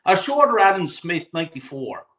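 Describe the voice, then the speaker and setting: A man's voice: high-pitched, very animated, moderate pace, fairly bright tone. A man in his forties speaking as a guest on a fan talk show, ranting hard, swearing often and repeating himself for emphasis. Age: 40s. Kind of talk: impassioned live show rant.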